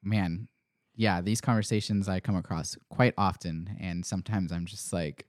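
A man's voice: sits low, fairly even intonation, moderate pace, no echo, clean studio sound. A man hosting a church podcast, talking in a casual, musing way with lots of fillers and restarts. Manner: thoughtful, rambling, many fillers and restarts. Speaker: pastor, podcast host. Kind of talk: casual chat.

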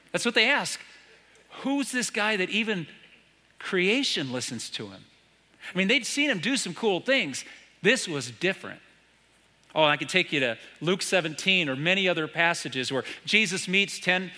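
Standing on a church stage, an American man delivers a sermon in a slightly high, bright, pushed voice. His style is storytelling, with rhetorical questions thrown out to the congregation. A long reverb from the hall hangs on the recording.

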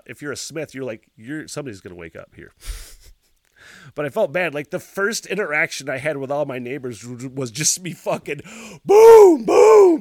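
A man hosting a solo podcast, telling a rambling story with lots of swearing, laughing as he talks and shouting sound effects. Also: mid-range voice, dry recording, clean studio sound. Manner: laughs while talking. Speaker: podcast host.

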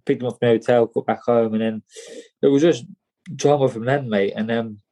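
Halting man, mellow voice. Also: mid-range voice, fairly even intonation. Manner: halting, repeats words, says "mate" often. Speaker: guest. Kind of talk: candid personal story in an interview.

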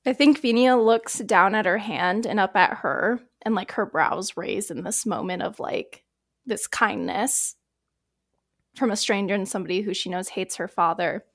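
A woman's voice: medium pitch, normal speed. A woman playing a tabletop role-playing game who describes her character's actions in a rambling way, full of fillers. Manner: rambling, lots of fillers like "like" and "I think". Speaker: player.

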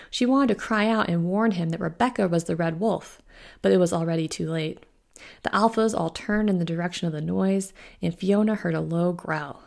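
Woman with a very gravelly, low voice. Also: darkish tone. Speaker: author reading her novel. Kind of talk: audiobook narration.

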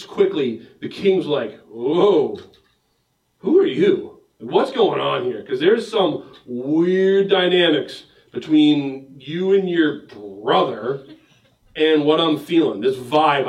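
A man's voice: fairly high pitch, measured pace. A man preaching a sermon, telling the story with jokes and acting out the voices of the people in it. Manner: animated, joking storyteller acting out bits. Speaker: pastor. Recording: roomy echo, mic at a distance.

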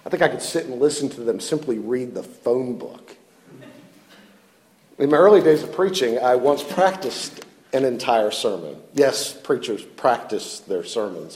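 Pastor in the pulpit: higher-pitched man, earnest and self-deprecating, long hall reverb. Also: darkish tone. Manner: earnest, self-deprecating, repeats words when stressing points. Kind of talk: sermon.

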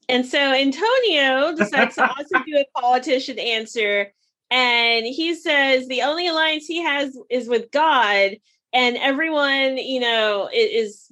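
A woman's voice: high voice, fairly bright tone. A woman co-hosting a podcast, chattily recapping a show and acting out quotes with laughs. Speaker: podcast co-host. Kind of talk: casual chat recapping a show.

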